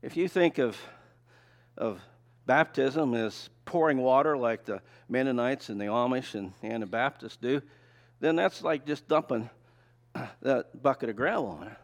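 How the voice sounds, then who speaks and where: A man's voice: medium pitch, a little slow. An older man giving a conversational, folksy sermon, often asking rhetorical questions and telling personal stories. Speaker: preacher. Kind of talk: sermon with slides.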